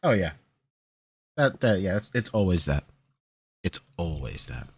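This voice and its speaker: A man's voice: low-pitched, big pitch swings, unhurried, breathy edge, no echo. A man co-hosting a podcast in casual chat, laid-back and hesitant, with many fillers and restarts. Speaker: podcast co-host.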